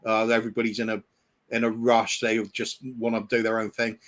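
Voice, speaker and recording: A man's voice: lowish voice, completely flat delivery, brisk, fairly bright tone. A man co-hosting a podcast in casual chat, hesitant, with frequent ums and restarts. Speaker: podcast co-host.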